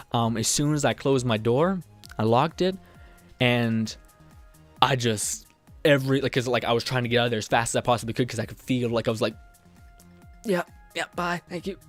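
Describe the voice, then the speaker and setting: Young guy rambling to his camera, stops and restarts a lot, middle pitch, faint music behind. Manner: rambling, halting, many restarts and fillers. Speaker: vlogger. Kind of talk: personal confessional vlog.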